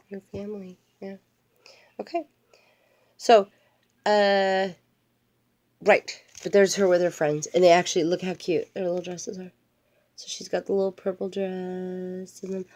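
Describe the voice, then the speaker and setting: An older woman with a low, slightly mellow voice reads a storybook aloud to her grandchild. She's playful and keeps drifting into chatty asides spoken directly to the child.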